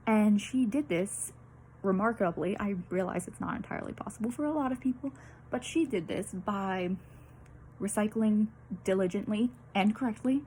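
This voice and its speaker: A woman's voice: medium pitch, darkish tone, slight background noise. A young woman giving a student presentation, nervous and a little out of breath, with lots of fillers and apologies. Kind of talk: peer-teaching presentation.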